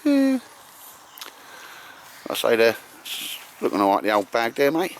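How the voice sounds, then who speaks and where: On a cold day out in the woods, a bushcraft vlogger jokes around and teases his mates while the camera rolls. His voice sits at medium pitch with huge swings in pitch, his delivery is unhurried and chatty, and there's slight background noise.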